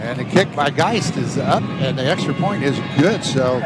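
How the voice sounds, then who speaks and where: A man doing play-by-play commentary on a high school football game on a headset, talking loosely with lots of fillers and restarts. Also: animated, normal speed, heavy background noise. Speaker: play-by-play announcer.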